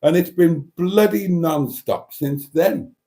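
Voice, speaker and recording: A man's voice: fairly high pitch, takes it slowly, mellow. A man hosting a casual livestream, reading viewer comments aloud and rambling with dry, self-mocking humour. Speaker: livestream host.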